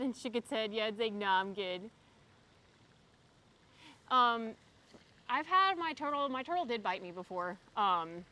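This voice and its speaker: A young woman with a fairly high voice chats in a loose, rambling way. She is streaming from a windy park by a pond, talking into her phone camera and answering her chat between yoga poses. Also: pushed and bright. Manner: chatty and rambling, reads out chat messages. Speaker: streamer doing yoga outdoors. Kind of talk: casual live-stream chat.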